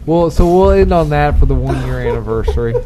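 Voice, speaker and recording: A man's voice: fairly high pitch, animated, a little fast. A man hosting a podcast, cutting in with questions and jokes. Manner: interrupting, questioning, joking. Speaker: podcast host. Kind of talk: casual chat. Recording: noisy room at a game store.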